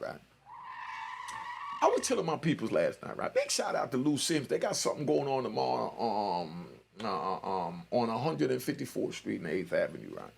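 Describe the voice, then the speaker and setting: A man's voice: mid-range voice, wildly swooping pitch, moderate pace, gravelly, slightly rough. A man, hosting a loose, streetwise livestream commentary and often asking if you follow him. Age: 60s. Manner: loose streetwise storytelling, keeps asking "you know what I mean". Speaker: commentary channel host.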